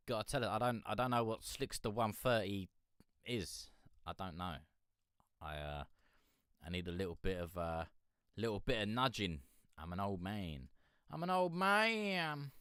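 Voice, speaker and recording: A lower-pitched man with a bright, clean voice hosts a live music review stream. He rambles in casual chat, swears freely and laughs while answering viewers. The sound is dry, with no room echo.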